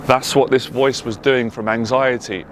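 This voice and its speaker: A man from England with a London accent speaks as a motivational speaker. He tells his own story earnestly and emotionally, hammering home his points with repeated phrases. His voice sits at a middling pitch. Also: fairly even intonation, normal speed, a little hiss or hum. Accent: London English. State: tearful at times. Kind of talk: personal testimony monologue.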